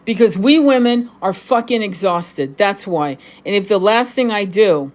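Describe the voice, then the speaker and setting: A woman's voice: medium pitch, lively intonation, normal speed, few pauses, a little mellow. Angry, profane middle-aged woman ranting. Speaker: tarot reader and spiritual guide. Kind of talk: livestream rant to viewers.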